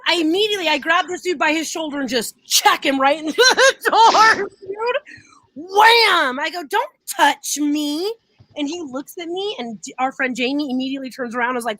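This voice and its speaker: A young woman with a high, bright voice chats on a live stream and tells animated stories. She laughs often and acts out the quotes. The sound is close and dry. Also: no room sound. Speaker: co-host. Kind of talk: casual live-stream chat.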